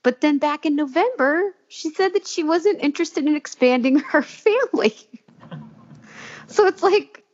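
Chatty higher-voiced woman on a podcast. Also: lively intonation, normal speed, dull audio. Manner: chatty, gossipy, giggly. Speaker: podcast co-host. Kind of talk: casual chat.

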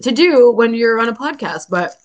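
A woman's voice: mid-range voice, lively intonation, moderate pace, a bit bright, muffled recording. A woman hosts a podcast in a loose, chatty way, filling her talk with ums and easy laughter. She has a sore throat and is talking around a cough drop. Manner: chatty, laughs often, many fillers. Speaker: podcast co-host. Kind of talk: casual podcast chat.

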